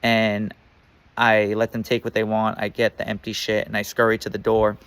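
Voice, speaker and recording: A man's voice: on the low side, monotone, normal speed, a bit bright, clear, resonant tone. A man telling a personal story in a casual, rambling way, full of fillers and swearing.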